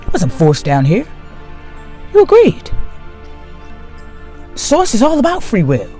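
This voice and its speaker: A man giving a slow, emphatic spiritual monologue to his viewers, repeating key phrases for weight. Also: high-pitched, wildly swooping pitch, dark tone, soft background music. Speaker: spiritual video host.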